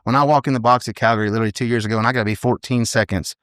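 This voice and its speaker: A man in his thirties tells rodeo stories at a rapid clip, rambling and animated, checking in with "you know what I mean". His voice sits close and dry, at a middle pitch. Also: no echo. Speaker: professional team roper, podcast guest. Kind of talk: casual storytelling in a podcast interview.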